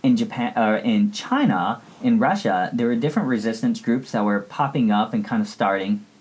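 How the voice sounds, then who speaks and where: A woman's voice: extremely low pitch, expressive, normal speed, darkish tone, slight background noise, low-quality recording. A woman playing a ditzy valley-girl teen student who rambles bubbly through a comedic history report, full of "like". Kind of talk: comedic sketch lesson.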